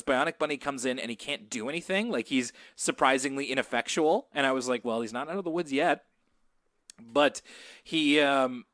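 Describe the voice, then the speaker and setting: Laughing readily, this man co-hosts a podcast and rambles casually through a cartoon recap. His medium-pitched voice has a slight brightness. The sound is dry and studio-clean.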